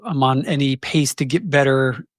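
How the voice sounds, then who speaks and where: A man in his forties speaking candidly as an interview guest, reflective and halting, often restarting sentences. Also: mid-range voice, no echo, clean studio sound. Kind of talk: candid conversation.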